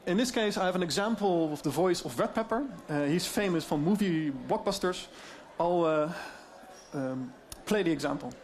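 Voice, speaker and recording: A man with a Dutch accent giving a conference talk on deepfakes, explaining in a lively way with many fillers. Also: normal speed. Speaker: speaker on AI deepfakes.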